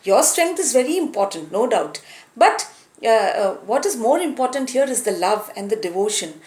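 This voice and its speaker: A woman voicing a wise, kind male god-king who gently advises, recorded in a room with a roomy echo. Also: a little high, very animated, moderate pace. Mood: advising. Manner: gentle, instructive.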